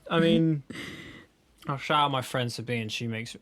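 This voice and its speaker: A man's voice: medium pitch, unhurried, fairly bright tone, no echo. An English man co-hosting a podcast in casual chat, rambling with restarts and frequent laughs. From England. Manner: rambling, self-interrupting, laughs often. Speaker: podcast co-host.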